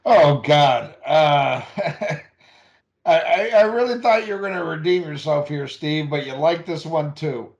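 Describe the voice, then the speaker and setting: Brief: man, slightly high-pitched, teasing moderator, muffled lo-fi audio. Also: a little slow. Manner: teasing, hands the mic around. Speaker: podcast host moderating. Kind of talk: casual chat.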